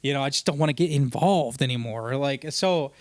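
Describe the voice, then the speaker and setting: A man's voice: medium pitch, brisk, dry recording, studio quality. A young man hosting a casual solo podcast, telling rambling work stories full of swearing and quoted voices. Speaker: podcast host. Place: home podcast set with curtain backdrop.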